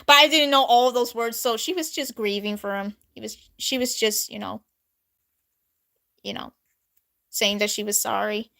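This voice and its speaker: A woman's voice: a little high, normal speed, gravelly, long pauses. A young woman vlogger telling a story in a casual, chatty way, laughing often. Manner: giggly, animated, chatty with frequent laughs. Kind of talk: casual storytelling, reading an old drawing.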